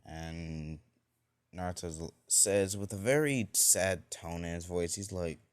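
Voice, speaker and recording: Speaking slowly in a very low voice, a man improvises a fan-fiction story in a loose, rambling way. He keeps circling back with fillers and restarts, as if inventing it on the spot.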